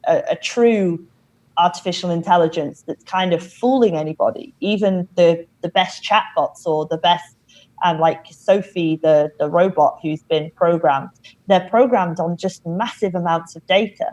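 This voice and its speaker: A woman guest on a podcast, explaining things in a measured way with many "you know"s. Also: on the low side, darkish tone, rough recording. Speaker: company founder, podcast guest. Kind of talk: casual interview talk.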